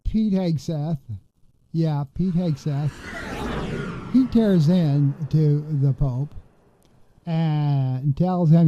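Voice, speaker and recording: A man hosts a political commentary podcast, rambling indignantly with lots of fillers and restarts. His voice is a little high and extremely slow with long pauses, and the sound is lo-fi.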